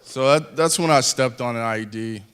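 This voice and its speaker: A wounded veteran in his thirties gives an earnest, personal speech to an audience, speaking haltingly and restarting his sentences. His mid-range voice is smooth and a bit bright.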